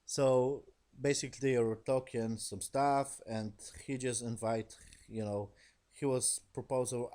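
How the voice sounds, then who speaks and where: A man's voice: medium pitch, fairly even intonation, measured pace, dark tone. Rambling man recapping a show. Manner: rambling, swears casually, frequent "basically" and "yes?". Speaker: TV series reviewer. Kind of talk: casual spoken episode recap.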